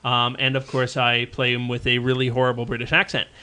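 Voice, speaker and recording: A man's voice: medium pitch, monotone, fairly quick, bright, forceful tone, clean tone. A man co-hosting a casual podcast chat about tabletop games, rambling with lots of fillers and restarts. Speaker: podcast co-host.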